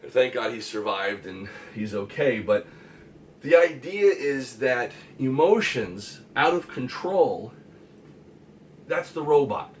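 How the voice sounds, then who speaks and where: Man, earnest vlogger monologue, emphatic, halting fillers, mid pitch, distant mic, faint hiss. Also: lively intonation. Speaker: comic artist and vlogger. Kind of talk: rambling monologue to camera.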